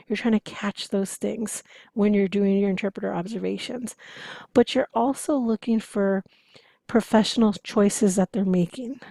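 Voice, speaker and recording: Female instructor, gravelly and mellow, dry close sound, chatty lecture delivery. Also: mid-range voice, dry recording. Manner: conversational, explanatory, asks rhetorical questions. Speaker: interpreting instructor. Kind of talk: lecture to students.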